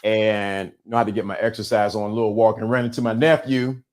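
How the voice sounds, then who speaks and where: A man's voice: on the low side, steady tone, fast, darkish tone. A middle-aged man hosting a live-streamed talk, speaking with emphatic repetition and a preacher-like cadence. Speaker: host.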